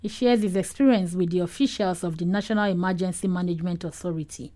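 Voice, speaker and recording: A female reporter narrating a news report in a measured way. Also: lowish voice, warm tone.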